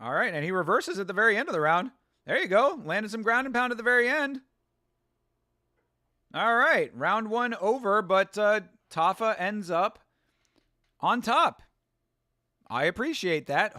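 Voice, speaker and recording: A man hosting a fight watch-along, giving casual, excitable reaction commentary. He yells at the fighters, laughs often and sits close to the mic. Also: sits high, moderate pace, long pauses, dry recording.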